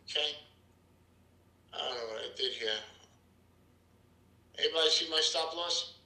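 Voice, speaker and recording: A man's voice: on the high side, a little slow, creaky, reverberant, rough recording. A man hosting a live trading room, talking energetically and calling out to his viewers. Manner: energetic, salesy, calls out to viewers.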